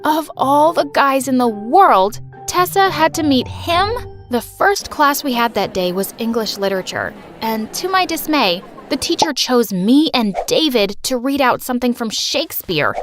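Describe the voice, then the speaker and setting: A woman narrating her own teenage story in a lively, expressive, breathless way. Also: high voice, moderate pace, soft background music. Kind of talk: first-person story narration.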